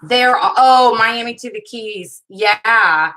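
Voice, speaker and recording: A woman's voice: a little high, takes it slowly, sharp tone, rough recording. A woman in her thirties hosting a live paper craft video, chatting and telling rambling stories while she works and laughing often. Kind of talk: casual chat during a live crafting stream.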